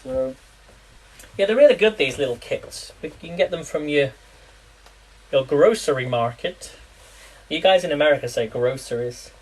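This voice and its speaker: A man's voice: a little high, expressive, normal speed, long pauses, a little mellow, husky, poor audio. Chatty man cooking live. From England. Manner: chatty, rambling, laughs often, quizzes viewers. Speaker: live-streaming home cook. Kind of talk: casual live cooking chat.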